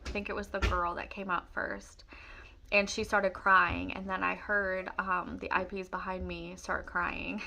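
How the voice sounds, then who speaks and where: A young woman talks to the camera in a bright, lively voice, recalling her story with a lot of feeling. She rambles, restarts and fills pauses with "um" and "like", so the telling sounds unscripted and personal. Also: on the low side, gravelly, slight background noise. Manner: emotional, rambling with many fillers.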